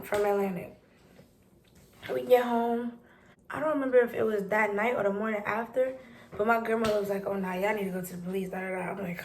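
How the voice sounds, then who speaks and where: Animated young New woman storyteller. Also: a little high, a little hiss or hum. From New York City. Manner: animated, rambling retelling with quoted dialogue. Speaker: vlogger. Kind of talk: casual storytime.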